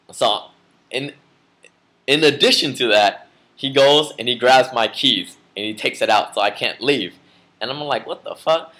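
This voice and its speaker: A vlogger who's just woken from a nap chats a story to the camera in a loose, rambling way, full of filler words and false starts. His voice sits mid-range with a slightly bright quality.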